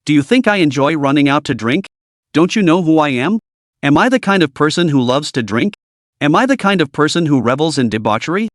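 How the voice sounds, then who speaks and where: A man's voice: on the high side, lively intonation, brisk, no room sound, studio quality, lightly acted. A man voicing a defensive young man who pleads his case to his friend.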